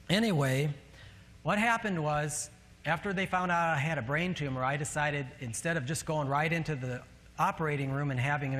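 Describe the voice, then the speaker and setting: A man's voice: mid-range voice, a bit bright. A man with a northern US accent, a pastor preaching a sermon and telling a personal story with light self-mocking humor. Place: church sanctuary. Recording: long reverb of a large church hall.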